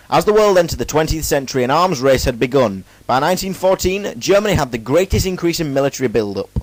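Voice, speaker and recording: A man's voice: mid-range voice, a little mellow, no echo, low-quality recording. A young man giving a casual, jokey school presentation, reading his facts and then breaking off into playful, self-mocking asides. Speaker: student presenter.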